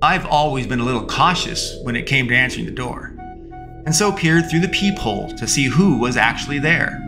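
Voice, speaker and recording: A man narrating a first-person fiction story slowly and deliberately, with long pauses. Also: mid-range voice, lively intonation. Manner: slow, measured, with long pauses. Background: faint music.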